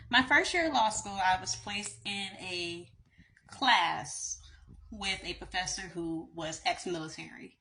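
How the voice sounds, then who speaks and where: A woman with a Southern accent and a slight lisp, a lawyer telling stories in a chatty storytime vlog. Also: mid-range voice. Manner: chatty, animated storytelling with light laughs.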